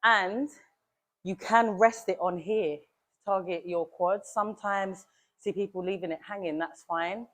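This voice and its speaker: With a mid-range voice, fairly even intonation and a slightly slow delivery, a young fitness coach walks viewers through a gym workout. She's casual and direct, calls them "you lot," and sounds a little out of breath as she demonstrates.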